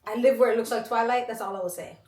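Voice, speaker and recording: A woman, co-hosting a casual podcast chat in an animated, emphatic way, swearing freely. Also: a little high, fast talker. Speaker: podcast co-host. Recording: roomy echo, mic at a distance.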